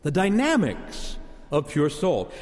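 A man's voice: on the high side, wildly swooping pitch, slow. A man preaching a sermon as pastor, emphatic and repeating key words for punch. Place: church. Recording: long church reverb.

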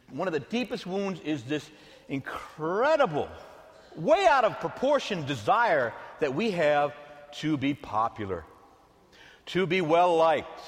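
A middle-aged male pastor preaching a sermon in an animated, conversational way with playful asides, in a church with long reverb. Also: on the high side.

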